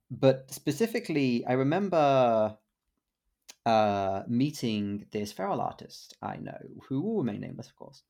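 A man's voice: mid-range voice, a little mellow. A man co-hosting a casual podcast, telling convention stories in a rambling way with many fillers and restarts. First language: English, some Welsh. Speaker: podcast co-host.

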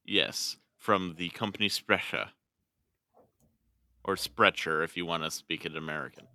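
A man co-hosting a podcast in casual chat, halting and restarting often, laughing easily. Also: sits low, fairly even intonation, sharp tone, no room sound. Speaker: podcast co-host.

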